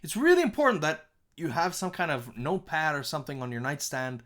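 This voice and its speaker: A man's voice: a little high, big pitch swings, brisk, fairly bright tone. A man teaching a recorded music composition lesson, talking in a friendly, chatty way with fillers.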